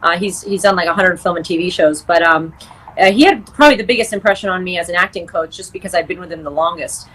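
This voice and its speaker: A woman's voice: fairly low pitch, fast, a bit bright, husky, poor audio. A young woman, an actress and screenwriter, chatting as an interview guest, full of fillers and restarts. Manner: chatty, many fillers and restarts, laughs easily. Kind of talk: casual interview chat.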